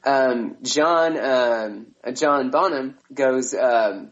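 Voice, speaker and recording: A man's voice: mid-range voice, extremely slow, lo-fi sound. A man co-hosting a casual music podcast, chatting loosely and laughing as he mimics misheard lyrics. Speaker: podcast co-host. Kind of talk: casual chat.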